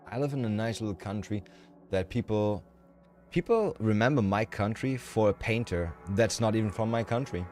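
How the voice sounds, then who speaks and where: A man's voice: on the low side, normal speed, darkish tone, faint music behind. A man from Germany with a German accent, chatting casually with viewers on a livestream in a rambling, frank and profane way.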